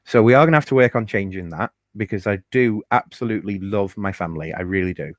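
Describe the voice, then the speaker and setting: Candid low-voiced man. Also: fast, no room sound. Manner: chatty and candid, with fillers and swearing. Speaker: podcast host. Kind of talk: casual personal storytelling.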